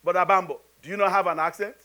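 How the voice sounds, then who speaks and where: Pastor, male, high voice; preaches in a chatty, humorous way and keeps firing questions at the congregation. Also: steady tone, racing, sharp tone. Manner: conversational and humorous, rhetorical questions. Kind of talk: sermon.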